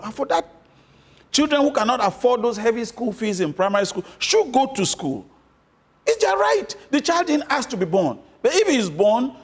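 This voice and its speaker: A man's voice: very high-pitched, slightly rough. A man giving interview answers about politics, emphatic, repeating his points for stress. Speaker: interview guest, former candidate.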